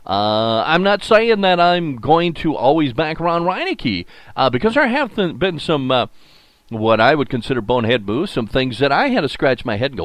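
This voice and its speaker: Animated older man hosting sports talk. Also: medium pitch, normal speed, no room sound. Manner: folksy, rambling, animated with many fillers. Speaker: sports talk show host. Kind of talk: solo sports radio podcast monologue.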